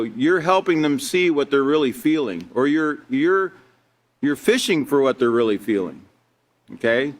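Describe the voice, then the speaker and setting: A middle-aged man with a medium-pitched, slightly bright voice teaches a live online class on character education. He reads from slides in a conversational way and poses rhetorical questions.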